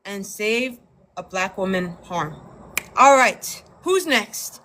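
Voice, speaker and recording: A woman on a casual live discussion panel, telling a story in an animated, exasperated way. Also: on the high side, takes it slowly, a little hiss or hum.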